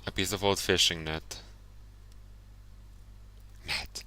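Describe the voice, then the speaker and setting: Low smooth-voiced man playing a game. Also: takes it slowly, sharp tone. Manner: muses aloud, laughs at his own jokes. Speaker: let's play streamer. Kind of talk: casual gameplay commentary, reading game text aloud.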